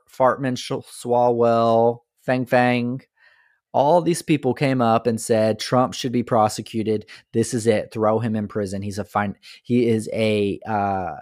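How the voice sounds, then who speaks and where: A man's voice: medium pitch, no room sound. Guy doing a mocky sarcastic rant, lots of rhetorical questions, dead dry mic. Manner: sarcastic, mocking. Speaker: political commentator. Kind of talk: opinion monologue.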